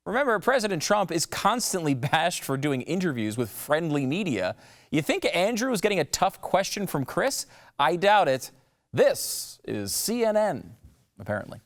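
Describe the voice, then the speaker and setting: Sarcastic male commentary host, lively. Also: on the high side, normal speed. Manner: mocking, sarcastic, swings between loud jabs and muttered asides.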